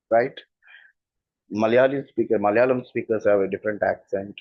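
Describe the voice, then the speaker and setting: A man's voice: on the low side, normal speed, no echo, lo-fi sound. A man with a standard Indian English accent, a communication skills coach explaining his views earnestly and stressing points by repeating them. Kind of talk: explanatory talk.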